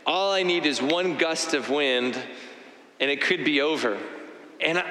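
A man giving an earnest, reflective personal testimony. He talks in halting phrases, often restarting and repeating himself. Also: on the high side, bright, forceful tone. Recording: echoey hall with long reverb.

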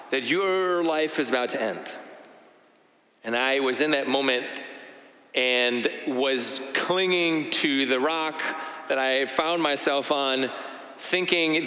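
A man speaks earnestly in a reflective testimony. He often stops, restarts and repeats words. His voice is a little high and sits in a large room with a long, ringing reverb. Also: bright, forceful tone. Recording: echoey hall with long reverb.

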